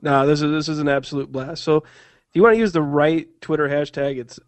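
A man's voice: fairly high pitch, steady tone, a little fast, dry recording. Stumbling, earnest podcast host, a man. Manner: earnest, stumbling over words and restarting. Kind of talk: casual podcast talk.

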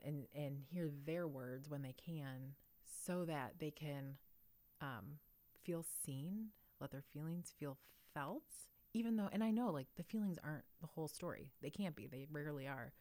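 Woman, low voice, thoughtful, laughs often, dry close sound. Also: warm tone, no echo. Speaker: podcast co-host. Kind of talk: casual conversation.

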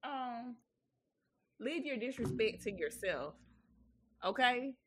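A woman's voice: fairly high pitch, animated, slow, a bit bright, slight background noise. A young woman co-hosting a comedy podcast in casual chat, joking and mimicking older relatives. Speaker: podcast co-host.

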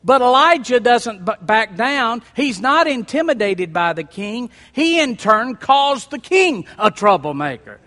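Male preacher, high pitch, scripture reading with lively commentary, long reverb from the hall. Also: measured pace, hardly any pauses. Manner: reads scripture aloud, breaking in with lively asides.

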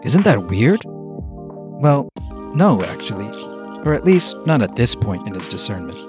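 Host narrating over clear music. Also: male voice, mid-range voice, very animated. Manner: measured, explanatory, teaching tone. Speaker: podcast host. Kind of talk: scripted narration. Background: background music.

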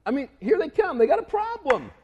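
A man preaching a lively sermon, animated and laughing often as he acts out scenes. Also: extremely high pitch, brisk, long reverb tail, dull audio, a little hiss or hum.

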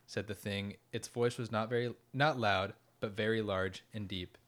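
A man's voice: on the low side, fairly even intonation, unhurried, few pauses, a bit bright. A man in casual conversation, retelling a story with fillers and reflecting on its meaning. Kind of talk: casual faith discussion.

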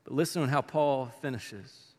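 A man's voice: mid-range voice, normal speed. A man preaching a sermon as pastor, talking to the congregation in a casual, conversational way. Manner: conversational and colloquial, addressing the congregation directly. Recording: long reverb of a large hall.

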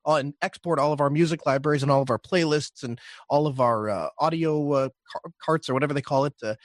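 A man's voice: on the high side, quick pace, no echo, studio quality. A man co-hosting a casual podcast, rambling and hesitant, with lots of fillers. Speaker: podcast co-host.

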